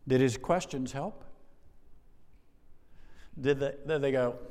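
A pastor with a mid-range, slightly mellow voice preaches a sermon with emphasis, speaking slowly and pausing often. He poses rhetorical questions to his congregation and asks them for an "amen." The recording carries a long hall reverb.

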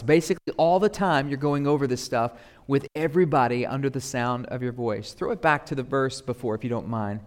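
A man's voice: medium pitch, brisk. Man preaching in a reverberant church. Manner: conversational, building to loud emphatic proclamation. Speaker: pastor. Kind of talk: sermon. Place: church sanctuary. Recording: long reverb of a church hall.

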